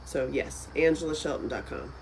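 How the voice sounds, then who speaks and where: A woman hosting a live stream from a friend's house, chatting casually with viewers, with loud exclamations and soft asides. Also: low voice, moderate pace, vocal fry, slight background noise, rough recording.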